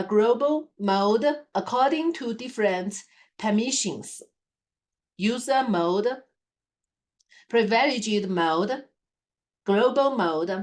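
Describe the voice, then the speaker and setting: Slow, halting woman presenting a lab report. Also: on the high side. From China. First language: Chinese. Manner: halting, many fillers and repeated words. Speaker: student presenter.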